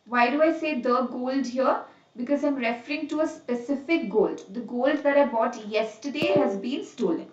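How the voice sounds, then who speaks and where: Lady teaching grammar online, kinda high voice, sounds far off in an echoey room. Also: lo-fi sound. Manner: explains slowly, repeats rules, checks on students by name. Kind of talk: live online lesson.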